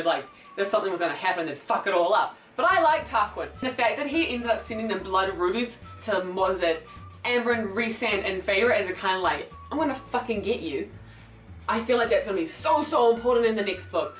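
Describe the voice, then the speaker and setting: A young woman in a casual book review vlog, rambling with lots of fillers and acting out characters' lines as she retells scenes. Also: mid-range voice. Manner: rambling, filler-heavy, animated retelling with quoted voices. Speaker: book vlogger. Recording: roomy echo, voice a little far from the mic, faint music.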